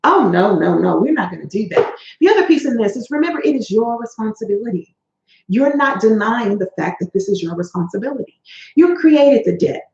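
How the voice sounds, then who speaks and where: A woman's voice: on the high side, animated, brisk, darkish tone, a little hiss or hum. A woman hosting a motivational coaching video, speaking emphatically and in a folksy way that addresses listeners as honey and baby. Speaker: host and life coach. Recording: roomy, dull lo-fi sound.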